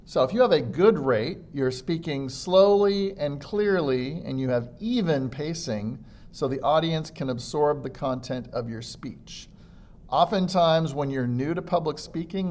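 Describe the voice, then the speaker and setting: Gravelly-voiced man teaching public speaking. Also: normal speed, darkish tone. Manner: demonstrates faults by mimicking them, varied pitch and pace. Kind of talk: instructional lecture on public speaking.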